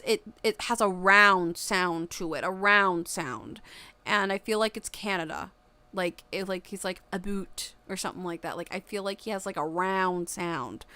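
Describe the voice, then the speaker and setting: Young woman, tarot streamer, casual and rambling, crisp tone on a close, dry mic. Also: mid-range voice, dry recording. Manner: rambling, filler-heavy, bursts of excited shrieking laughter. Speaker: tarot reader on a livestream. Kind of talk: casual livestream chat.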